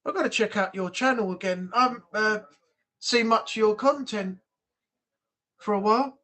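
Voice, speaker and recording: A man's voice: sits high, moderate pace, sharp tone. A man hosting a casual live-stream chat, frank and chatty, swearing freely.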